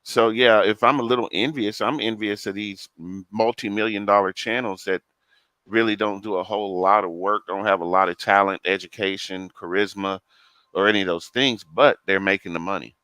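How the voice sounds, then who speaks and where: Very deep, bright-toned man. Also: steady tone, moderate pace, dry recording. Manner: frank, conversational. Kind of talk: casual chat.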